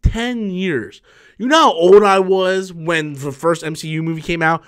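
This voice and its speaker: His voice sits high, with a clean tone and an unhurried pace, as this thirties YouTube host takes viewer messages on a live stream. Though tired from a long shift at work, he rambles excitably and keeps restarting his sentences.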